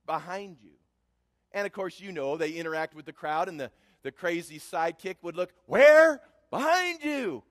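A man's voice: on the high side, fairly even intonation, brisk, big-room sound. A man telling a personal story in a sermon as a preacher, building to emphatic preaching.

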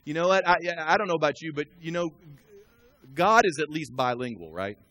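Bright high-voiced male pastor preaching. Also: expressive, brisk. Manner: conversational, asks the congregation questions, builds to loud emphatic preaching. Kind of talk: live sermon. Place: church sanctuary.

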